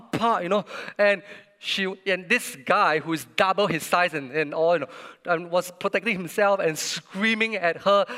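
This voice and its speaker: A man with a fairly high, bright, forceful voice preaches a sermon in an earnest, storytelling way. He leans on emphatic pauses, and his words ring out with the long reverb of a large church hall.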